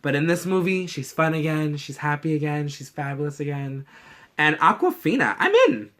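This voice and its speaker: A young man vlogs his reaction to a movie trailer in casual chat, gushing and swearing freely as he acts out quoted lines. His voice is a little high and a bit bright, at a moderate pace.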